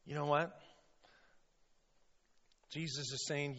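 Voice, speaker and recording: A man preaching a sermon as a pastor, impassioned and storytelling, with sudden loud bursts when he acts out quotes. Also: medium pitch, a little slow, slight background noise. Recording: long reverb, dull sound.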